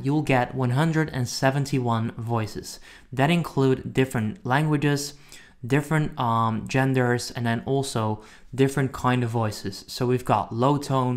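A man giving a casual tutorial review of a program, talking conversationally and correcting himself mid-sentence. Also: mid-range voice. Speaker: software reviewer. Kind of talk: casual screen-recorded tutorial.

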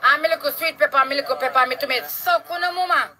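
A Jamaican woman ranting outdoors in a yard, loud, heated and full of curses, recorded on a phone. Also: high voice, very fast, rough recording. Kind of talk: angry street rant to camera.

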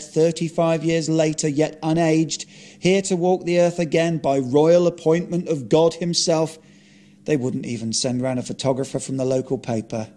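A man reading his own script aloud, narrating and voicing dialogue with deadpan, blunt comic asides. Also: on the high side, moderate pace.

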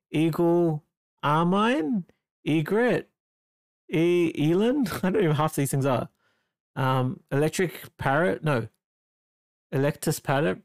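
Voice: medium pitch, vocal fry. Chatty Australian artist on a livestream. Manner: chatty, bursts of excitement when reading chat, muttering while drawing. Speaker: artist streaming a drawing session. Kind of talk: casual livestream chat.

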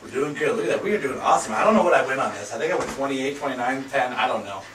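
A young man giving excitable gameplay reaction commentary, trash-talking with loud outbursts. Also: mid-range voice, very fast. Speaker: gaming YouTuber. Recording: echoey room, distant mic, noisy.

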